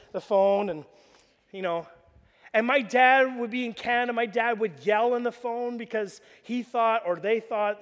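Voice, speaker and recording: New pastor, very high voice, animated storytelling sermon, long hall reverb. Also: male voice. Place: church hall.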